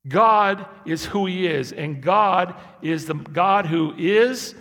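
A man in his sixties preaching a sermon, swinging from low, quiet asides to loud, impassioned peaks. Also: slow pace. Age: 60s. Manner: impassioned, building to loud emphatic peaks then dropping low. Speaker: pastor. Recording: echoey hall.

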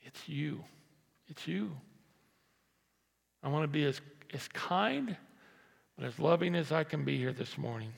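A pastor preaching to his church, talking easily one moment and hammering a point with loud repeated lines the next. His voice sits a little high for a man and has a gravelly edge. The sound rings with the long reverb of a church hall. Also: animated, normal speed. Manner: conversational preaching that swings from quiet asides to loud emphatic repetition. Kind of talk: sermon.

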